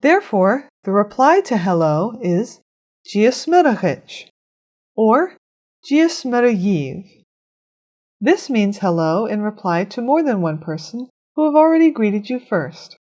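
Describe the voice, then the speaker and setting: A woman narrating a scripted language lesson, explaining phrases clearly and pronouncing them with care. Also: medium pitch, sing-song, a little mellow. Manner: clear, measured instruction with careful pronunciation. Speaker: language teacher.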